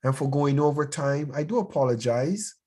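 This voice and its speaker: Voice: mid-range voice, animated, moderate pace, mellow. A bishop teaching a youth class in an urgent, sermon-like way, repeating words as they press each point.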